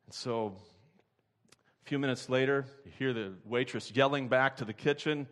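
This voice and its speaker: Male pastor, sermon, animated storyteller, acts out characters, mid-pitched voice. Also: moderate pace.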